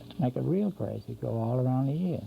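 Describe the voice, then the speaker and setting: A man's voice: medium pitch, animated, a little fast, vocal fry. An older man demonstrating cartoon drawing, talking casually and correcting himself as he works. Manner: rambling, talks while drawing, self-correcting. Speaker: drawing instructor. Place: local TV studio. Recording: dull lo-fi 1990s community TV audio with faint hum.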